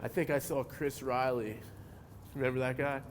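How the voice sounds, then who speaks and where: A man, telling skateboarding stories in a relaxed interview, cursing freely and getting animated as he goes. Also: mid-range voice, moderate pace, a little hiss or hum. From New Jersey. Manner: laid-back, swears a lot, animated when telling stories. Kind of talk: casual interview.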